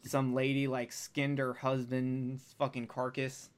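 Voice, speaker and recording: A man's voice: mid-range voice, monotone, slow, smooth. A man hosting a podcast in casual chat, loose and profane with lots of filler words. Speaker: podcast host.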